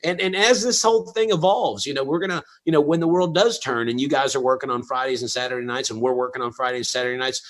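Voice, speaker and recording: A man's voice: medium pitch, quick pace, few pauses, a bit bright. A man co-hosting a livestream concert show, chatting casually and telling a joke with many restarts. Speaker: co-host.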